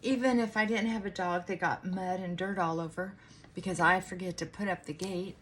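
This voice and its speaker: A woman's voice: lowish voice, fairly even intonation, moderate pace, a little hiss or hum. A middle-aged woman chatting casually to her viewers in her bedroom, rambling with asides to her dog. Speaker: vlogger. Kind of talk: casual morning chat.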